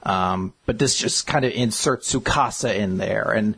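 A man co-hosting a casual podcast, giving thoughtful comic commentary, often pausing and restarting his words. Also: fairly low pitch, vocal fry, fairly bright tone, husky. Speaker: podcast co-host. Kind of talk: casual manga discussion.

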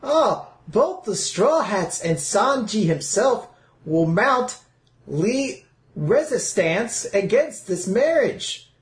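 A woman speaking in a slow, drawn-out, taunting way. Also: medium pitch, sing-song, echoey room.

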